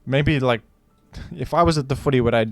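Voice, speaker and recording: A man's voice: mid-range voice, moderate pace, dry recording. Man rambling through joking commentary. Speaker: gaming video host. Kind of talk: casual commentary while playing.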